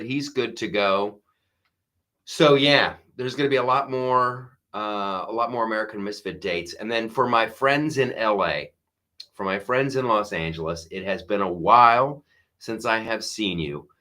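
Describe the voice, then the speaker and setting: Bright-voiced rambling male comedian. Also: lowish voice, unhurried. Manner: rambling, sarcastic, with frequent restarts. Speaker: comedian podcast host. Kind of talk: casual monologue.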